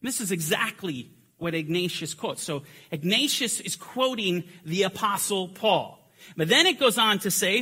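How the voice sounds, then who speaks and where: High, bright-voiced emphatic male Bible teacher. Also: lively intonation, measured pace, breathy edge. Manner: emphatic, building to forceful climaxes. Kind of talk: teaching lecture.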